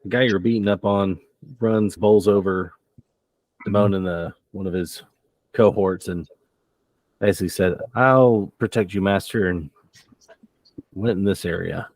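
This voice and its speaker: A man narrating a tabletop role-playing game as game master, relaxed and chuckling as he describes scenes. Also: deep voice, unhurried, pauses often, dry recording.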